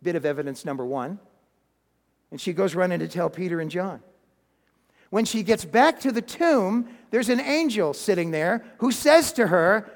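A man preaching a sermon, telling a story with animated swings and dropping almost to a whisper for emphasis, with a chuckle and some restarts. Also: sits high, moderate pace. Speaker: pastor. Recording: long hall reverb.

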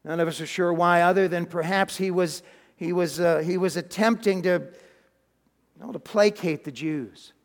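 A man with a fairly high voice delivers a sermon in a church, telling the story dramatically and restarting phrases as he goes. His voice rings with the long reverb of a large hall. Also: a little slow. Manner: dramatic storytelling with acted quotes, frequent restarts. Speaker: pastor. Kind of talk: sermon retelling a Bible story.

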